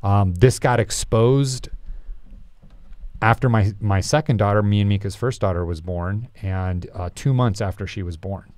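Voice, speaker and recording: Low, mellow-voiced man recounting his past. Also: dry recording. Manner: reflective, halting, confessional. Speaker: podcast guest. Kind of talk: candid personal story in an interview.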